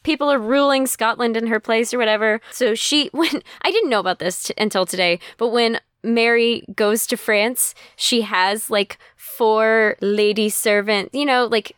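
A woman's voice: fairly high pitch, steady tone, moderate pace, hardly any pauses, fairly bright tone, clear, resonant tone, no room sound, studio quality. A woman hosting a podcast, retelling history in a chatty, casual way full of "like" and playful asides. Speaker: podcast host.

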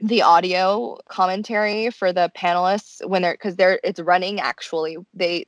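Young woman chatting animatedly, dry close mic. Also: dry recording. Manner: animated, acts out quotes in high voices, many "like"s. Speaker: podcast co-host. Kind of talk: casual chat recapping a reality show.

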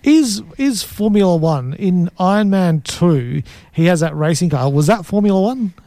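Aussie guy cohost, highish voice, rambling jokey chat. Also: expressive, dark tone, dry recording, clean studio sound. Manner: joking, rambling, halting. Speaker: radio co-host. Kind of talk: casual chat.

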